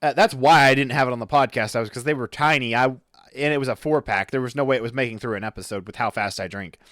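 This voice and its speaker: This podcast co-host is a man talking fast in a medium pitch with a fairly bright tone. In casual chat he rambles, corrects himself, and stumbles over words. The studio-quality recording has no room sound.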